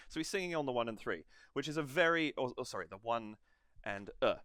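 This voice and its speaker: A man's voice: medium pitch, expressive, fairly quick, fairly bright tone, no room sound. A man hosting a reaction video, analysing a song's rhythm in a digressive way and counting and humming beats to explain it. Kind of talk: music analysis commentary.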